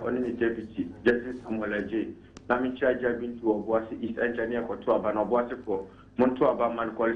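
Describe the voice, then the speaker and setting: A man's voice: medium pitch, reverberant, lo-fi sound. A man with a Ghanaian accent calling in to a radio talk show, arguing emphatically and mixing Twi and English. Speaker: caller. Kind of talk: radio call-in commentary.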